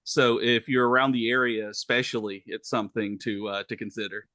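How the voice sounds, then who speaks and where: A man with a Southern US accent, co-hosting a podcast and talking in a halting way full of uhs. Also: on the low side, flat delivery, bright, forceful tone, dry recording. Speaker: podcast co-host. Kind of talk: casual chat.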